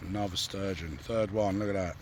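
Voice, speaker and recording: A lowish, slightly croaky male voice, still recovering from a cough. He chats easily by a lakeside, quizzing his mate and narrating the catch in casual commentary. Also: steady tone, brisk, noisy background. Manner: banters and asks questions. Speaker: angler and channel host. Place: lakeside outdoors.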